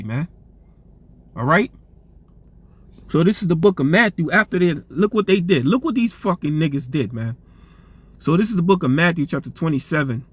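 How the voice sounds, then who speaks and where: A man preaching informally and reading scripture aloud, in a loose, profane street-talk manner, tagging phrases with "man" and restarting words, his voice getting strained. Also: fairly high pitch.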